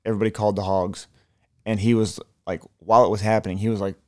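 A man co-hosting a casual sports podcast, telling excited, profane stories. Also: fairly low pitch, fast talker. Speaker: podcast co-host.

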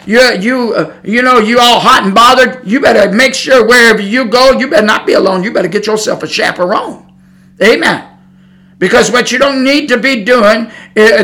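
A man's voice: high voice, pushed and bright. A middle-aged man preaching as a Pentecostal pastor, blunt and folksy, hammering home his points in a sermon.

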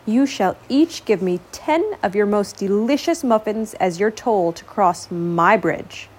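Brief: plump grumbly dragon for a storybook read, slow and rumbling, woman doing the voice. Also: husky. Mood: demanding. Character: big hungry overweight male dragon, grumbly.

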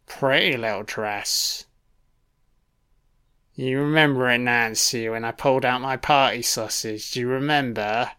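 A man voicing a creepy, mocking dream-killer, speaking low and hushed with crude taunts. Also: a little slow, clear, resonant tone. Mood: leering.

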